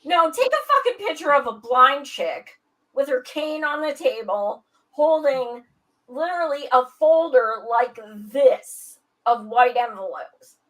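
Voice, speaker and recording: A woman's voice: high voice, animated, a little slow, fairly bright tone, poor audio. A blunt woman who swears freely and speaks emphatically in a casual panel chat. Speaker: podcast guest.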